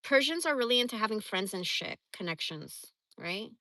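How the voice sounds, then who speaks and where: A woman in her forties chatting casually on a livestream, reading comments and telling stories in a blunt, profane, animated way. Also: mid-range voice, moderate pace, no room sound. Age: 40s. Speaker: livestream host.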